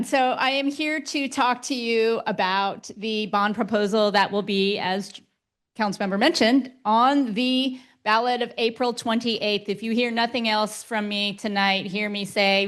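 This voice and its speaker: A woman's voice: fairly high pitch, fairly bright tone. A woman giving a slide presentation to a neighborhood meeting, upbeat and explaining with everyday comparisons. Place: meeting room.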